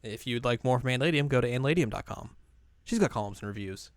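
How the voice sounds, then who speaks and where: A man's voice: mid-range voice, expressive, fast talker, no room sound. A young man co-hosting a podcast, chatting loosely about a show and acting out characters' lines in goofy voices. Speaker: podcast co-host. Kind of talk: casual chat.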